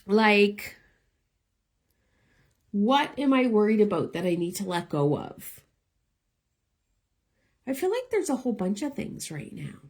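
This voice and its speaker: A woman's voice: medium pitch, big pitch swings, unhurried, long pauses, a little mellow. A middle-aged woman giving live one-card tarot readings, chatty and encouraging, talking straight to her viewers. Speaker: tarot reader.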